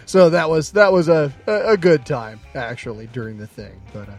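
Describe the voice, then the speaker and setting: A man co-hosts a podcast in an easygoing, casual way. He speaks a little above the usual male pitch, and his intonation moves in a lively way. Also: normal speed, faint music behind. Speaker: podcast co-host. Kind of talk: casual chat.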